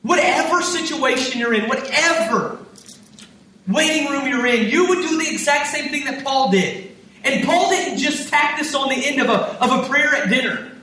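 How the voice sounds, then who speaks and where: A man's voice: very high voice, normal speed, pushed and bright, a little hiss or hum. An American man preaching a sermon, impassioned, acting out prayers and God's reply. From United States. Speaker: pastor. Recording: echoey hall, mic from a distance.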